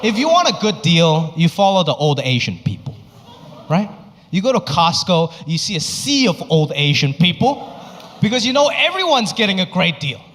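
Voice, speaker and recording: A young man from Hong Kong performs stand-up with a high voice that jumps all over its range, spinning animated stories. It is recorded live on stage, with a long hall reverb around his voice. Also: moderate pace. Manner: animated storytelling, flips into his family's voices. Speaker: stand-up comedian. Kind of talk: stand-up comedy set. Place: live comedy stage before an audience.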